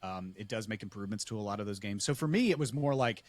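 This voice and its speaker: A man co-hosting a gaming podcast, chatting casually in a rambling, relaxed way. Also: fairly low pitch, fast talker, dry recording. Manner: rambling, self-correcting, relaxed. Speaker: podcast co-host. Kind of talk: casual chat.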